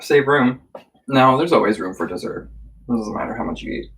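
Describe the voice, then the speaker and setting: A man chatting casually on a live stream while he eats at home, hesitant and full of filler pauses. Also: medium pitch, animated, creaky, a bit bright, far from the mic, rough recording. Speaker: livestream co-host. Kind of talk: casual chat while eating. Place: warm room at home.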